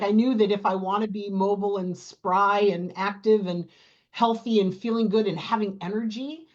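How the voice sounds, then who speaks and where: A middle-aged woman talking casually as a guest in an interview, animated and chatty, often acting out her own thoughts. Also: medium pitch, muffled recording. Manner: animated storyteller, quotes her own thoughts, laughs easily. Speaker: program client, guest.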